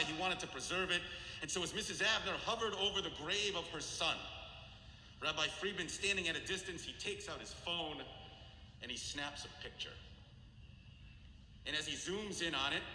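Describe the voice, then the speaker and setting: Bright-voiced rabbi in an echoey hall. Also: male voice. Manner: dramatic storyteller, slows and drops low for solemn moments. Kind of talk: sermon storytelling. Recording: echoey hall with long reverb.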